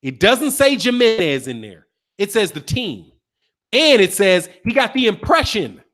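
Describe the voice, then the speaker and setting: A man with a high-pitched voice hosts a boxing talk show, arguing a point to his viewers. He keeps repeating words and firing rhetorical questions in a loose, casual way, with some profanity and street slang. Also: big pitch swings, unhurried, a bit bright. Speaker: boxing channel host. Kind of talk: casual commentary to a live chat.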